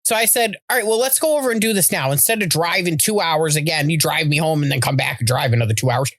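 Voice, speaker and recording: A woman co-hosting a podcast, chatting casually and telling animated stories with some swearing. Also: low-pitched, fast talker, no echo. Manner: animated storyteller, swears freely. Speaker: podcast co-host. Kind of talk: casual chat.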